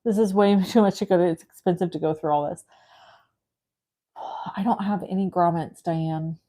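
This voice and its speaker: A woman's voice: on the low side, normal speed. Chatty woman crafting on a livestream. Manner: chatty storyteller, animated and self-mocking. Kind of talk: casual chat while crafting.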